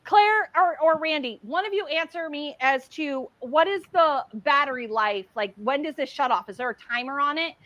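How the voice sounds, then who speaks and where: A middle-aged woman hosting a casual craft livestream, chatty and excitable as she demonstrates while talking. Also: high voice, moderate pace, few pauses, no room sound.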